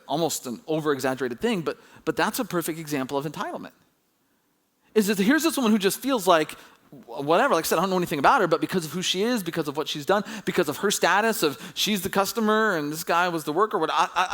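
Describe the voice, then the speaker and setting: A man preaching a sermon as pastor, telling a story with animated, rising emphasis when excited. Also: high-pitched.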